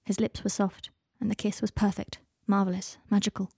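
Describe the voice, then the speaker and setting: A woman narrating fiction aloud in a soft, even voice, dropping to whispers on speech tags. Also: medium pitch, brisk, gravelly, husky, dry recording, studio quality. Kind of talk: audiobook fiction reading.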